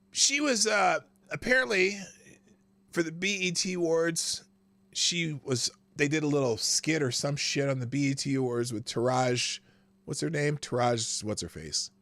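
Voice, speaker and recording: A man's voice: on the high side, creaky, pushed and bright, no echo. A man hosting a political commentary show, sarcastic and given to laughing asides. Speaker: host.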